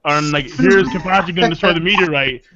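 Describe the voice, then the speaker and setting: A man's voice: on the high side, fast, noisy background. A man in a casual group chat, ranting in an exasperated, profane way. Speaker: stream co-host. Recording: lo-fi stream audio.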